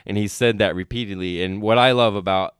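A podcast host talks in a relaxed, easy way, tossing in short reactions and laughing along. His voice is low, clean and smooth, and the mic picks it up close with no room sound. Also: a little fast, no echo. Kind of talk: casual interview chat.

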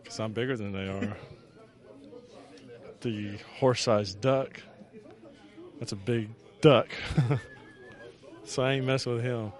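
A man's voice: mid-range voice, a little slow, pauses often. Laid-back man telling a joke. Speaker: interviewee. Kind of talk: casual chat, joke telling.

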